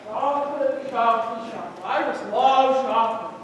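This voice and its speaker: An actor playing a gluttonous boy who craves chocolate in a stage play, with a drawn-out greedy sing-song, recorded echoey from far off. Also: medium pitch, a little hiss or hum, lightly acted.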